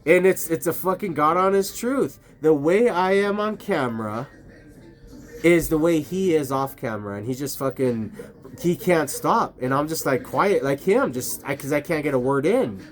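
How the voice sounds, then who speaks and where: A man's voice: a little high, lively intonation, moderate pace, faint music behind. A man vlogging outdoors at night, rambling casually to his camera, swearing and laughing often. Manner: rambling, profane, laughs a lot.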